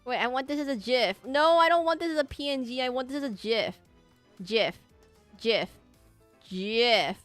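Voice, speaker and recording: On a live stream, a woman with a highish, fairly bright voice draws requests and talks casually to her chat. She rambles and finds herself funny, and the sound has no echo.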